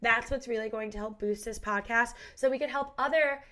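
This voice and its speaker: Fairly quick and sharp-toned, this young woman's fairly high voice stays mostly even in intonation as she hosts a casual podcast chat. A head cold leaves her congested, but she's bubbly and gushing, with lots of "like."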